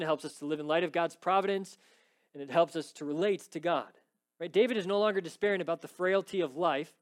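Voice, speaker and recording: A man preaching an expository sermon, emphatic and rising to pleading intensity when quoting scripture, often checking in with "right?". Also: sits high. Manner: frequent "right?" checks with the congregation. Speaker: pastor.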